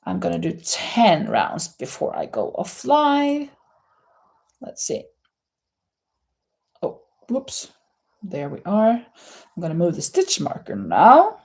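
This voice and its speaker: A woman's voice: mid-range voice, darkish tone. A woman hosting a live crochet and knitting stream, chatting to viewers, singing along to an old song and muttering to herself as she counts rounds. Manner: sings along to an oldies song. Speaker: livestream host. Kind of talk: casual chat while crocheting.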